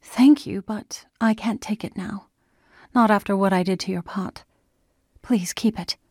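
A woman voicing a defiant sixteen-year-old girl in an audiobook, pitched up and insistent. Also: unhurried, darkish tone, breathy edge, no echo, studio quality. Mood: pleading. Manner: pleading then indignant.

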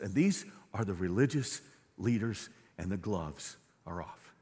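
A middle-aged male pastor preaching a sermon, swinging from quiet, low lines to loud, fervent ones. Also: lively intonation, a little slow. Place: church sanctuary. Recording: long reverb of a large hall.

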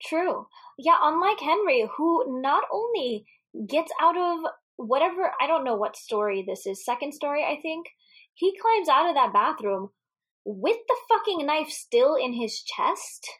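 A woman recaps a movie in loose, casual chat, laughing often as she goes. Her voice sits a bit high, animated and expressive, with freely dropped swear words. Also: unhurried. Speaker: podcast co-host.

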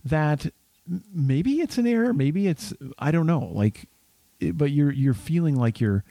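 A man's voice: fairly high pitch, big pitch swings, a little slow, warm tone, dry recording. A man co-hosting a casual podcast, talking with lots of fillers and restarts. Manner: hesitant, many fillers and restarts. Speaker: podcast co-host.

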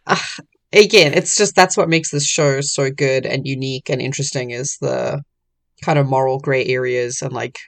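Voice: medium pitch, steady tone, moderate pace, gravelly, a bit bright. A podcast panelist casually discussing a cartoon's moral gray areas, chatty, with fillers and laughs. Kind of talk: casual chat about a cartoon.

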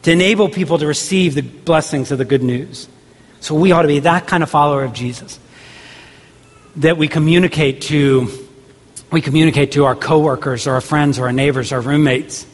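A man's voice: a little high, brisk. A man pastor preaching a sermon earnestly, with repeated rhetorical questions. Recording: long hall reverb.

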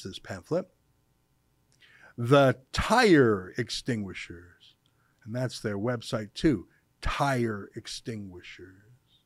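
A man's voice: a little high, dry recording, clean studio sound. A man hosting his own show, delivering a sarcastic, mocking opinion monologue with emphatic asides. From Canada. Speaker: show host.

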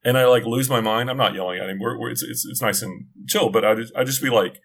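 Middle-aged man, casual podcast chat, rambling, restarts often, mid pitch. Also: fast talker, fairly bright tone, slightly rough. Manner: rambling, self-interrupting storyteller.

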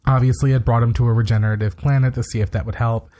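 A man in an easygoing podcast chat, running through a recap at a lively clip and tossing in blunt opinions. His pitch sits right in the middle for a man's voice, and the delivery stays loose and conversational. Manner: brisk, opinionated retelling with quick asides. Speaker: podcast co-host.

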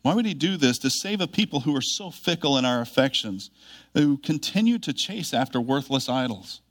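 Earnest male preacher, measured delivery. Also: medium pitch, sing-song. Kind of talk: sermon.

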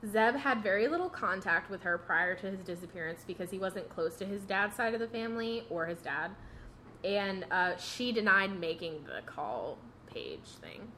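A young woman recounting a true crime case to friends on a podcast, loose and chatty, peppering her talk with "like" and breaking into laughs. Her pitch sits right in the middle of the range. A faint hiss of noise sits under the voice. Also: lively intonation, normal speed, sharp tone. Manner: laughs often, lots of "like". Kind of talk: casual chat, storytelling.

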